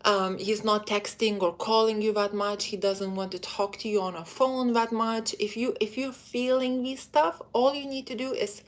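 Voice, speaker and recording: A woman's voice: mid-range voice, steady tone. A woman giving dating advice in a live stream, talking straight to her female viewers in a chatty, direct way. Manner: acts out quoted men in quick put-on voices. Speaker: dating coach.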